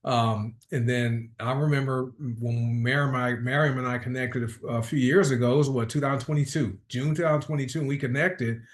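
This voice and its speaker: A man at a medium pitch leads a group video call in a loose, chatty way. He stumbles and repeats words as he goes, upbeat and informal. The sound comes through a video-call microphone. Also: fairly even intonation, fairly quick, few pauses. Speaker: host of a product call. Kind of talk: casual group call chat.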